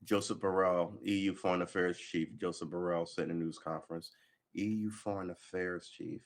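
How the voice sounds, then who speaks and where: A man's voice: deep voice, fairly even intonation, fairly quick. Sarcastic man reading news. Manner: stumbling, sarcastic asides, swearing. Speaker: livestream host. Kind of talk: reading news aloud with casual commentary.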